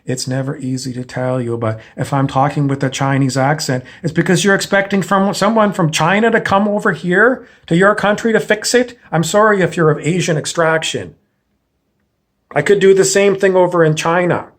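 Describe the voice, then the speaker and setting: A man lectures in a blunt, confrontational monologue and swears freely. His voice sits somewhat high for a man. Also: moderate pace. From Canada. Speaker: self-help speaker.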